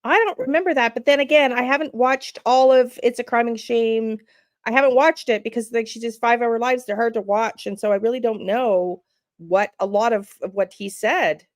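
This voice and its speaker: A woman hosting a true crime channel, chatting casually and reacting out loud to a clip and to her viewers. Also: fairly high pitch, fairly even intonation, moderate pace, dry recording, studio quality. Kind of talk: casual live-stream commentary.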